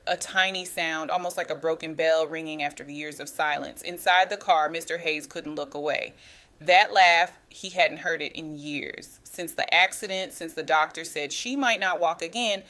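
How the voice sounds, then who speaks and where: A woman's voice: deep voice, fairly bright tone. A woman narrating a dramatic story aloud, reading with small stumbles and restarts.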